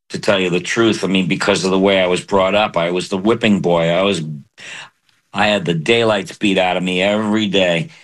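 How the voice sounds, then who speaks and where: Earnest man, lowish voice, stops and restarts a lot, opening up in an interview. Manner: halting, earnest, soft-spoken. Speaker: voice actor, guest. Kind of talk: candid interview talk.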